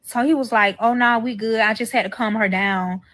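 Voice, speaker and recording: A young woman recounts a personal story in casual, profane story-time fashion. Her voice sits fairly high, and she keeps acting out the lines of the other people in it. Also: steady tone, brisk, fairly bright tone. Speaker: storyteller in a played clip.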